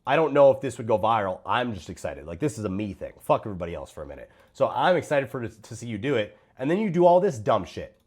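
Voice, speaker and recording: A man's voice: medium pitch, very animated, quick pace, hardly any pauses, darkish tone, slightly rough. A man giving blunt, profane reaction commentary on other creators' fitness videos. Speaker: host reviewing fitness coaches' videos.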